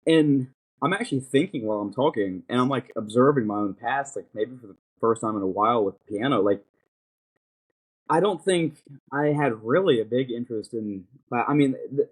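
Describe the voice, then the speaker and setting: A man's voice: medium pitch, moderate pace, breathy edge. A young man hosting a podcast, chatting casually and thinking aloud with many fillers and restarts. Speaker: podcast host. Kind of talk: casual chat.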